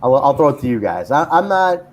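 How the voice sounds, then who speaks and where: Lively-voiced man hosting a chat show. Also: mid-range voice, brisk. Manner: rambling, many fillers and restarts. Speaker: podcast host. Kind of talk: casual chat.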